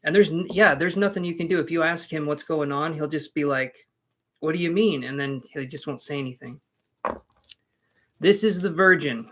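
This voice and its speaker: A man's voice: fairly high pitch, normal speed, a bit bright. A man reads tarot cards live on a stream. He chats casually with his viewers and slips in joking asides between readings. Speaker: tarot reader.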